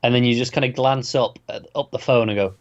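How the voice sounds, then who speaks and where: A man co-hosting a casual review chat, mostly giving short agreeing replies and calm observations. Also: mid-range voice, fast. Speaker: podcast co-host. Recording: dull lo-fi sound.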